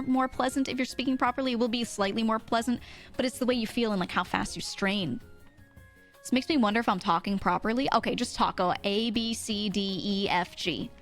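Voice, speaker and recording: A young woman streaming from home, chatting casually with many fillers, swearing and laughing often. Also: mid-range voice. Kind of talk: casual live-stream chat.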